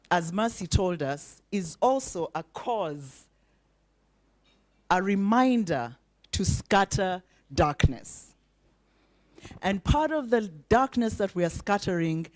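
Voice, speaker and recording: A woman delivers an inspirational keynote at a breakfast event. She speaks slowly and emphatically, leaning on repetition and rhetorical questions. Her voice sits at an ordinary middle pitch for a woman. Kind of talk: inspirational speech with call-and-response.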